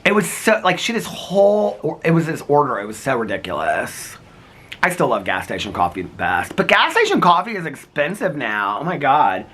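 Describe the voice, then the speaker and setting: A man's voice: a little high, big pitch swings, normal speed, a bit bright. A middle-aged man vlogging in a rambling casual chat, laughing often as he talks.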